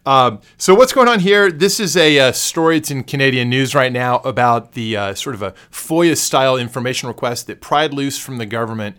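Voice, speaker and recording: A man co-hosting a casual podcast, picking his way through legal analysis. He hedges and restarts often, stacking fillers as he searches for the right term. His voice sits at an ordinary middle pitch. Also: fairly bright tone, smooth. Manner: hesitant, many fillers and self-corrections; analytical, measured legal commentary. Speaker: podcast co-host.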